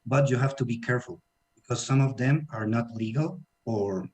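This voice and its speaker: A man speaking English with a Latin American Spanish accent, mid-pitched and easygoing. He co-hosts a casual radio talk and patiently retells a guest's account for listeners. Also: moderate pace. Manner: relaxed, summarizes and translates for others. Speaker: co-host language teacher.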